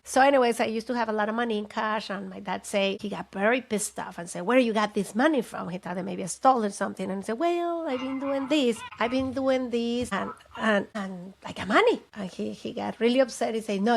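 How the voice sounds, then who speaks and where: Chatty woman with vocal fry. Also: mid-range voice. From Mexico. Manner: chatty, rambling, animated with asides. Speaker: podcast host and business consultant. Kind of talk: casual live talk to camera.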